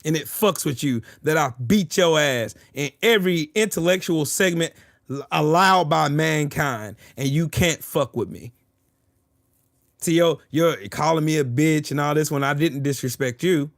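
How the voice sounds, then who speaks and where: A man's voice: a little high, normal speed, no echo, studio quality. A man trash-talking his chat on a livestream, taunting and boasting, repeating his jabs over and over. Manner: profane, boastful. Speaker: streamer arguing with chat.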